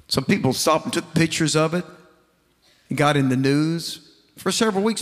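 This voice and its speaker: A male pastor preaching an emphatic sermon, repeating phrases and quoting scripture to his congregation. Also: a little high. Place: large church sanctuary. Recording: long hall reverb.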